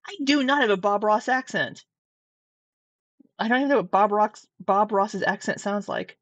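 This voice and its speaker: A woman's voice: mid-range voice, normal speed, no room sound, muffled recording. A woman from Southwest Missouri with a Midwestern American accent, rambling casually through reaction commentary, with restarts and swearing. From Southwest Missouri, USA. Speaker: commentary vlogger. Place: home room at her desk. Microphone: camera mic close up.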